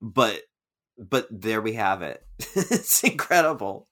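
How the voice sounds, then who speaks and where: A woman's voice: extremely low pitch, sing-song, takes it slowly, a bit bright. A woman co-hosting a casual film podcast, enthusiastic and jokey, often breaking into laughter. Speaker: podcast co-host. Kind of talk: casual film-review chat.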